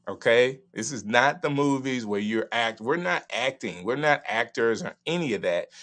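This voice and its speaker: A middle-aged man with a Southern US accent, hosting a live stream from his studio and giving emphatic, animated advice. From Southern United States. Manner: animated, emphatic, varying pitch and pace. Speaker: live streaming show host. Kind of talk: casual advice talk to a live audience.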